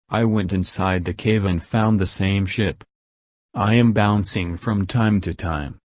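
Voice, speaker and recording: A man reading his own adventure story aloud, voicing every character in the same plain, even way. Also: on the low side, dry recording. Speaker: narrator.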